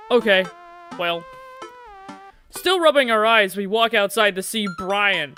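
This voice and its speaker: A man's voice: high-pitched, animated, measured pace, pauses often, sharp tone, soft background music. A man streaming a game, reading its text aloud with playful, jokey asides. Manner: playful, laughs at his own slips.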